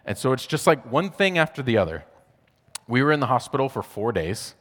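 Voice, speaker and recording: A man's voice: medium pitch, very animated, brisk, fairly bright tone, in a large hall. A man telling a personal faith testimony in a casual, conversational way, full of fillers and acted-out bits of dialogue. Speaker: speaker sharing a personal testimony. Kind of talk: testimony talk.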